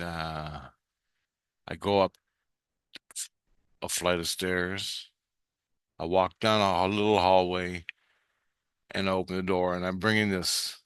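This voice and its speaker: A man's voice: low-pitched, bright, forceful tone, smooth, no room sound, clean studio sound. A man casually recounting a dreamlike experience, meandering with frequent restarts and offhand swearing. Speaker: vlogger recounting a spirit-world vision. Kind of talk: casual rambling storytelling.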